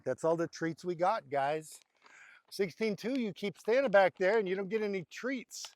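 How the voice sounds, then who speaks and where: A man's voice: sits high, normal speed, a little hiss or hum. Chatty man coaxing cattle outdoors. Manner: rambling and chatty, coaxing the animals softly. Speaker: homestead vlogger. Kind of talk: casual narration to camera while feeding cattle. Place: outdoors at a cattle pen on a farm. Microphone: handheld or nearby camera mic.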